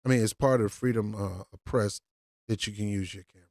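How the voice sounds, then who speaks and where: A woman's voice: extremely low pitch, fast talker, a little mellow, dry recording. A woman giving a slangy, mocking reaction commentary on a street video.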